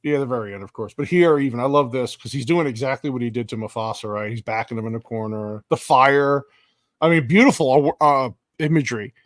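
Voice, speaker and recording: A man co-hosting a casual movie reaction chat, animated, swearing often and acting out characters' lines. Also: medium pitch, a little fast, no echo, studio quality. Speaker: podcast co-host.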